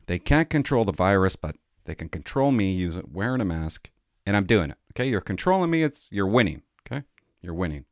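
A man's voice: low voice, very animated, a little fast, dry recording, studio quality. A middle-aged man telling a rambling, self-mocking comic story to his vlog audience. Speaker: vlogger.

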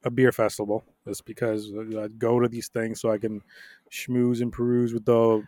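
A young adult man co-hosting a podcast, telling stories in a casual, profane, animated way with frequent laughs. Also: medium pitch, normal speed, dry recording, studio quality. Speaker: podcast co-host.

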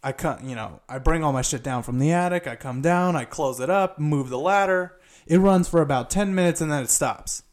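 A man hosting a podcast, telling an exasperated, profane story in a casual ranting monologue while making pasta at home. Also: fairly high pitch. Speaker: podcast host; HVAC installer.

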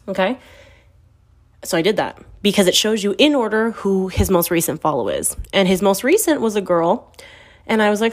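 A woman in her thirties talks straight into the mic with a brash, unfiltered manner, swearing freely and sharply quoting her own earlier words. Her voice sits in a middle pitch, neither high nor low. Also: sing-song, brisk. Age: 30s. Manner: brash, profane and blunt, with quoted asides. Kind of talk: candid storytelling chat.

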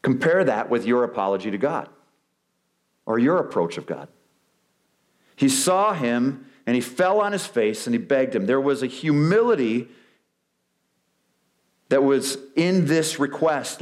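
A male pastor preaching a sermon, animated, acting out quoted excuses with big swings in his voice. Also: medium pitch, measured pace, long pauses. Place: church sanctuary.

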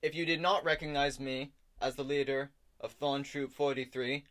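A man voicing a self-important male troop leader who keeps repeating his own title in a loud, proclamatory way. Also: mid-range voice, little pitch movement, normal speed, voice pushed up, lightly acted. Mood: pompous. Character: pompous human male troop leader in garish noble clothes.

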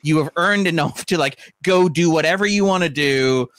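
A man's voice: on the high side, moderate pace, a bit bright, dry recording, clean studio sound. A man co-hosting a podcast, chatting casually and rambling about films, with restarts and laughs while he talks. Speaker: podcast co-host, film fan. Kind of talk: casual chat.

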